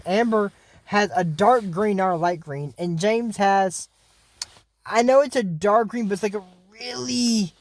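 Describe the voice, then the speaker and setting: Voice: medium pitch, darkish tone. A YouTuber recapping a cartoon episode in casual, digressive chat full of fillers and asides. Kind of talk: casual rambling commentary.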